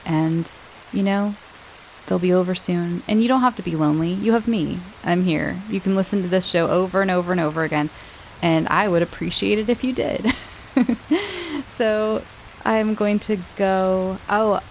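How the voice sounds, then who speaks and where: Chatty woman podcast host, gravelly. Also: on the low side, a little hiss or hum, low-quality recording. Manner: chatty, rambling, laughs often. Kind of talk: casual chat.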